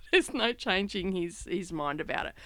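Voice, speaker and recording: A woman's voice: on the low side, lively intonation, moderate pace, a bit bright, no room sound. A middle-aged woman, casually telling a family story while she stitches, rambling and laughing often. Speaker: craft vlog host. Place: home craft studio.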